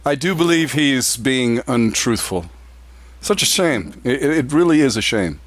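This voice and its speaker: A man's voice: mid-range voice, animated, moderate pace, no echo. A man player in a tabletop role-playing game, joking in a mock-formal tone. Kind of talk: casual game chat.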